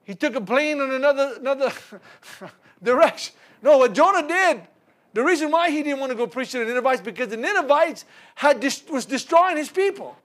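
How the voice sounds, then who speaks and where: A man's voice: extremely high pitch, fairly quick. A man preaching a sermon, retelling a Bible story with laughter, stumbles and repeated words. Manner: animated storytelling with laughs and repetitions.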